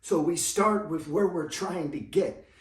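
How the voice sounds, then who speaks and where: A man's voice: a little high, measured pace, recorded from a distance. A man giving a blunt, slangy motivational monologue as a money coach, emphatic and repetitive. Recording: echoey room, voice off the mic.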